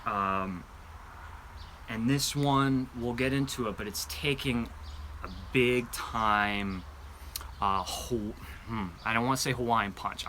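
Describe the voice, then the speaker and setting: A man hosting a live candle show-and-tell, chatting in a loose, rambling way full of fillers and restarts. His voice is bright and forward, sitting at an ordinary pitch. He sounds eager as he describes each scent. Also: slight background noise. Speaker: candle review channel host.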